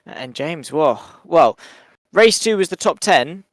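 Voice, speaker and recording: A man commentating a sim racing event on stream, reeling off finishing orders and bantering with his co-host. His voice sits a bit high, recorded close and dry with no room sound. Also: expressive, fairly bright tone, no room sound. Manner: brisk results rundown, teasing. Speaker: race commentator. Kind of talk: live race commentary and banter.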